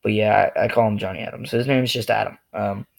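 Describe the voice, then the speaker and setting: A man's voice: lowish voice, steady tone, fast talker, gravelly. A man ranting to the camera in a loose, rambling, jokey way, full of fillers. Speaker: vlogger. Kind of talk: rambling monologue rant.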